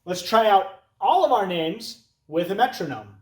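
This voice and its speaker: Man, music teacher, children's lesson, high voice, unhurried, roomy echo. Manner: lively, chanting names in rhythm over a metronome.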